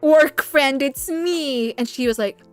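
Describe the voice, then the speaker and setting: This is a young woman with a strikingly high voice, chatting casually on a home livestream. She tells stories in a loose, rambling way, gets animated, and swears freely. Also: slow, faint music behind. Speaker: streamer.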